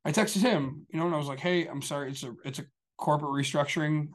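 A man's voice: a little high, quick pace. A man talking casually on a show, telling a long story in a rambling, profane way full of fillers. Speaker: show regular. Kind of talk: casual chat.

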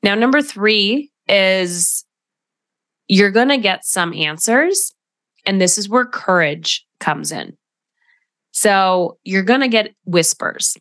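A woman's voice: medium pitch, animated, takes it slowly, fairly bright tone, no room sound, clean studio sound. A woman hosting a solo podcast, talking in a reflective coaching tone and often checking in with "right?". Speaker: podcast host.

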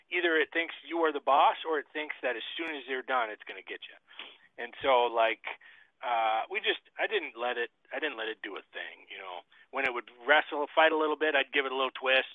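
A man telling a story in a folksy, animated way, as a guest on a casual chat over a video call. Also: mid-range voice, fairly quick, dry recording. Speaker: guest, trapper and shooter. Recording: tinny satellite video call.

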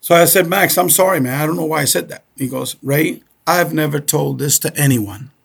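Middle-aged Cuban-born man, gravelly and husky, chatty storyteller who keeps asking "okay?". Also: a little high, fairly quick. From Cuba. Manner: repeats "okay?" often, animated storyteller. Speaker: guest. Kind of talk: casual storytelling.

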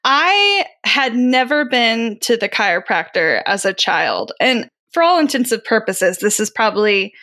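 A woman's voice: fairly high pitch, very animated, unhurried, hardly any pauses, sharp tone. A woman hosting a podcast, chatting casually and laughing easily. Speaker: podcast host.

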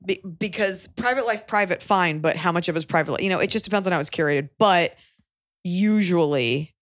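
Brief: woman podcast host, low voice, close dry mic, chatty and blunt. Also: a little fast, no echo. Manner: chatty, frank, joking asides. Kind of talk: casual podcast chat, advice.

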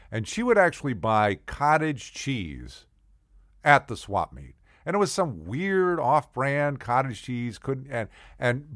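A man's voice: medium pitch, no room sound. Guy rambling through funny stories, voice jumping all over, dry close sound. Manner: rambling, animated, digressive. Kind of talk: comedic storytelling monologue.

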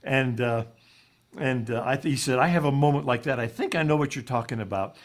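A man's voice: mid-range voice, brisk. A man telling a heartfelt story as a guest on a talk show, earnest and folksy, with plenty of "uh"s. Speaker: guest speaker.

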